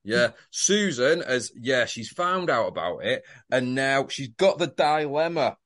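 A man's voice: medium pitch, a little slow. A man co-hosting a podcast, telling stories in casual banter and swearing freely. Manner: animated, swearing, laughing storyteller. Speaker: podcast co-host.

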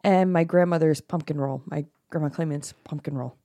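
A middle-aged woman co-hosting a casual podcast over wine, animated and quick to laugh. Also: sits low. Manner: animated, laughs often, bursts of excitement. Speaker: podcast co-host.

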